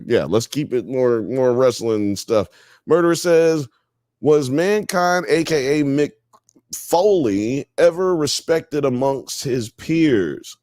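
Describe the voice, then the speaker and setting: Slow, expressive, and mellow at medium pitch, a laid-back host from the US South and Midwest reads chat comments aloud on his live show and riffs on them. It's recorded with clean studio sound and no echo.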